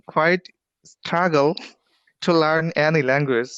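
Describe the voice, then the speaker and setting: A man learning English on an online lesson, speaking haltingly and searching for words. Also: fairly high pitch, fairly bright tone, clear, resonant tone, no room sound, lo-fi sound.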